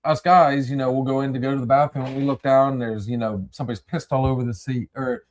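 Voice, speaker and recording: A man's voice: mid-range voice, steady tone, quick pace. A man hosting a casual podcast chat, rambling and repeating words as he addresses his listeners. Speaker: podcast host.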